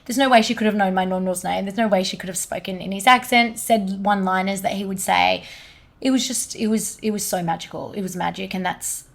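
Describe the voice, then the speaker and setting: A woman talking as a guest on a conversational podcast. She tells stories with animated energy and many casual fillers. Her pitch sits mid-range for a woman. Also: a little fast, creaky.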